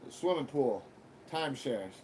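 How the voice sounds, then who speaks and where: A man's voice: medium pitch, expressive, normal speed, background noise. A man hosting a live stream, rambling through a casual monologue with crude jokes and heavy swearing. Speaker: livestream host.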